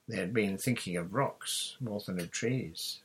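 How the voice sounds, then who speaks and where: A man's voice: fairly low pitch, unhurried, husky. A man reading a children's adventure story aloud as an audiobook narrator, telling it steadily. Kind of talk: scripted narration.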